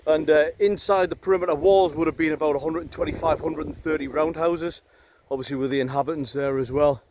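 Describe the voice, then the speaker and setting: Walking a windy hillside, a middle-aged Northumberland man gives casual commentary to camera, full of ums and uhs, with some dry ribbing of the person with him. He speaks fast in a high, steady tone, with wind and music in the background.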